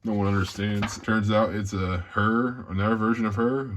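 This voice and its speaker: Deep-voiced man casually recapping a comic. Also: fairly even intonation, slight background noise. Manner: loose, profane, joking recap with quick asides and laughs. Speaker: comic book reviewer.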